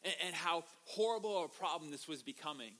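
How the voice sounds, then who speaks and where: A man's voice: a little high, expressive, fairly quick, sharp tone. A man voicing an earnest, musing woman. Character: earnest woman wanting to help her community.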